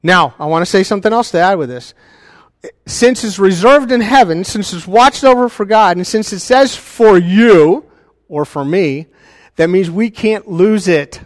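A man preaching a sermon as a pastor, animated and conversational, with joking asides to the congregation. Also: high voice, moderate pace, no room sound, clean studio sound, big-room sound.

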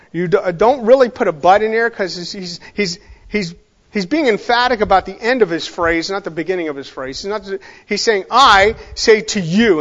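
High-voiced man teaching scripture, muffled. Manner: conversational, emphatic, digressive, with self-corrections. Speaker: Bible teacher. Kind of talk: informal verse-by-verse sermon.

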